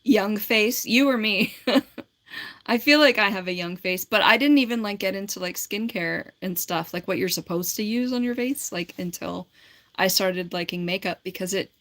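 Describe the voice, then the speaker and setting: A woman's voice: mid-range voice, moderate pace, a bit bright. A woman in her forties on a casual livestream, reading and answering viewer comments in a rambling, giggly way with lots of filler words. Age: 40s.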